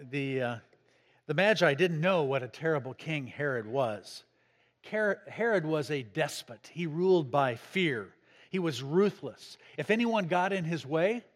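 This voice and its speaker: A pastor preaching a sermon to his congregation, raising his voice for emphasis and asking them questions. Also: long reverb tail. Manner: dynamic preaching, pitch and volume rising for emphasis, asks the congregation questions. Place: church.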